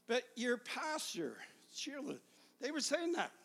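Middle-aged male evangelist, very high bright voice, shouts then confides, echoing hall. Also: wildly swooping pitch, unhurried, gravelly. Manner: swings between shouted fervor and quiet confiding. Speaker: evangelist preacher. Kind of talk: sermon. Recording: long hall reverb.

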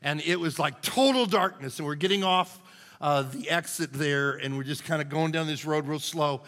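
A man's voice: fairly high pitch, moderate pace, fairly bright tone. A middle-aged man, a lead pastor, telling personal stories in a folksy, conversational sermon, often tossing in "man.". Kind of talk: storytelling sermon. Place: church sanctuary. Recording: church hall with long reverb.

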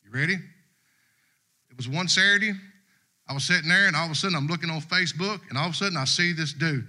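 Guy preaching in a church, talks folksy and chatty, middle-aged, real bright forceful voice. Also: sits high, expressive, fairly quick. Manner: folksy and conversational, Southern US dialect. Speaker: guest preacher. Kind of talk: casual sermon. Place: church sanctuary.

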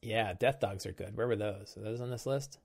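A man hosting a game-prep show, thinking aloud while he plans a tabletop session, musing in halting stops and restarts. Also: fairly low pitch, vocal fry, a little mellow, breathy edge.

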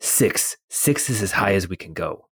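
A man doing a hushed, menacing lizardfolk gang buyer. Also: low voice, expressive, a little slow, slightly rough, full character voice.

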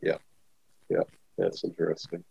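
This middle-aged man hosts a podcast, chatting casually with a guest in a hesitant, filler-heavy, rambling style. His low voice is creaky, husky and dark, with big pitch swings at a moderate pace, and the recording has its highs cut off.

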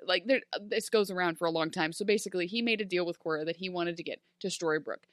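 A bright, sharp-toned woman chatting about a TV show. She is animated and laughs a lot, slipping into quick mock voices for the characters. The sound is close and dry. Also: fairly low pitch, no room sound. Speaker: podcast co-host. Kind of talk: casual chat recapping a TV show.

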